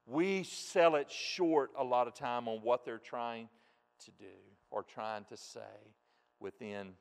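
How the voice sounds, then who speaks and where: Slow-preaching pastor in a reverberant hall. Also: male voice, medium pitch, smooth. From United States. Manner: folksy, swings from soft to loud and emphatic. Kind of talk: sermon. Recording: long reverb in a large hall.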